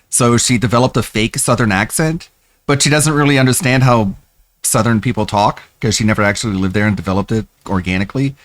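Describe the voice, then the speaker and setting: A man's voice: lowish voice, fairly bright tone, no echo. A male streamer commenting casually, in an amused and wry way. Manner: amused, wry, laughs often.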